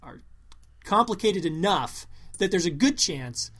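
A podcast co-host in relaxed conversation who works through ideas earnestly and at length. The voice sits at a medium pitch. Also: a little slow. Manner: earnest, reasons things out at length. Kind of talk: casual chat.

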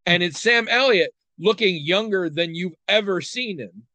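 A man's voice: high voice, expressive, moderate pace, sharp tone, no echo. A man chatting casually as a podcast host, rambling and wry with plenty of ums and likes. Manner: rambling, wry, many fillers. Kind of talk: casual chat.

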